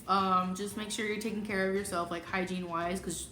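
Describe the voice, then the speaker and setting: A young adult woman telling a story casually and animatedly, acting out what people said in a higher voice. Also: normal speed. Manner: animated, acts out quoted speech in a higher voice. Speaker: vlogger telling her birth story. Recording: echoey room with clear background music.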